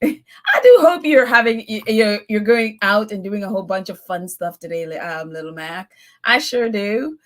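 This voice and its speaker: A woman's voice: medium pitch, animated, normal speed. A woman hosting a live call-in chat, reading viewer comments and giving her opinions, laughing often. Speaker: host.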